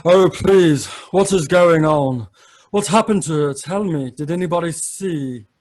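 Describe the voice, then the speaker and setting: A man's voice: medium pitch, measured pace, close to an everyday voice. A man doing a frantic, haughty stage magician.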